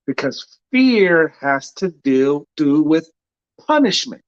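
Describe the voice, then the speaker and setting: A man with a slightly high voice talks slowly and thoughtfully about scripture. He often pauses to search for his words, and his mic sounds dull and lo-fi. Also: expressive, a bit bright, clean tone. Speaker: podcast co-host. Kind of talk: reflective casual discussion of scripture.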